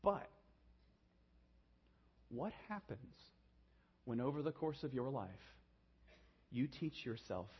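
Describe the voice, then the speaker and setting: A man preaching a sermon, swinging from hushed, low emphasis to raised, urgent delivery. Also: sing-song, slow, pauses often, slightly rough, dull audio. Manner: dynamic preaching, drops to a hushed low voice then rises. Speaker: pastor.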